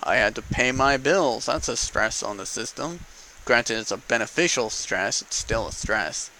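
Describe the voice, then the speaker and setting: Talking a little slowly in an animated, medium-pitched voice with a sharp edge, a man argues politics casually to camera, tossing in rhetorical "okay?" and "right?". The low-quality recording has a little hiss or hum.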